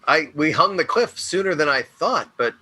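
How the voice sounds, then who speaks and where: A man's voice: on the high side, expressive, normal speed, noisy background. A man playing a tabletop game and co-hosting, chatting casually with playful, dramatic reactions. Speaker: player and co-host. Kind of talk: casual chat.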